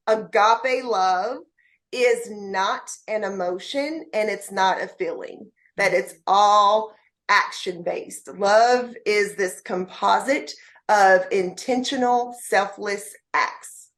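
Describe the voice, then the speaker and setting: A woman's voice: medium pitch, slow pace, fairly bright tone. Woman guest speaking with motivational fervor. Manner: heartfelt, motivational, speaks straight to listeners. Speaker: podcast guest. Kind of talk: podcast interview.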